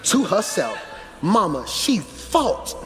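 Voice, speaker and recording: A high-voiced pastor takes his time with a sing-song sermon in a big, echoey church hall, music behind him. His preaching starts out chatty and swells into shouting.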